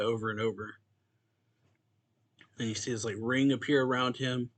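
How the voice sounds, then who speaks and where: A man's voice: mid-range voice, moderate pace, fairly bright tone. A young man hosting a manga reaction channel, casually recapping a chapter in a loose, chuckling way full of filler words.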